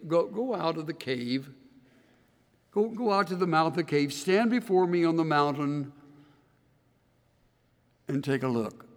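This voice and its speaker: A preacher giving voice to a calm divine figure, patient and unhurried, with a light, high tone. His gentle words ring out across a long-echoing hall. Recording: reverberant hall.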